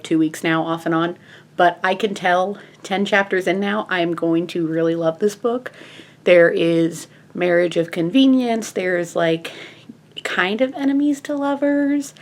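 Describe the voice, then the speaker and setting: Young woman, low-pitched voice, chatty, upbeat, casual reading vlog. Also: fairly bright tone. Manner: chatty and upbeat, with frequent fillers and laughs. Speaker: book vlogger.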